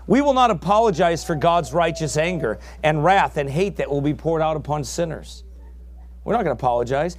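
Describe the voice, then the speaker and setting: A man preaching a sermon with real fire behind it. His voice sits somewhat high for a man and climbs into shouts when he drives a point home. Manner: fiery, rising to shouts.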